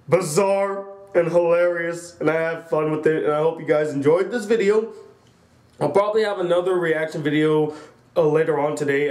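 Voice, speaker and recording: High-voiced guy doing a reaction vid, laughing a lot, echoey room. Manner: animated, laughs often. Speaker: YouTube reaction host. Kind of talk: casual reaction commentary.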